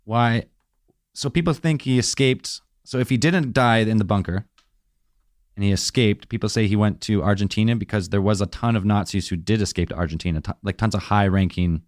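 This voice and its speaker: A man's voice: lowish voice, fairly quick, no echo, studio quality. A man co-hosting a casual podcast, asking questions and thinking aloud. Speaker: podcast co-host. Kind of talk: casual chat.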